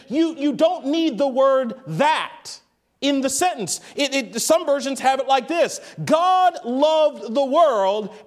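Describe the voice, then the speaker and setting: A man preaching a sermon, stretching out quoted phrases and now and then raising his voice for emphasis. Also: extremely high pitch. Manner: emphatic, drawn-out quotes with bursts of raised voice.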